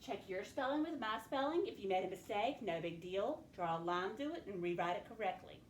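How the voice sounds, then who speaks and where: A woman teacher leading a recorded phonics lesson, clearly sounding out words and letters for her students. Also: medium pitch, expressive, brisk, echoey room, a little hiss or hum. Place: classroom with a board.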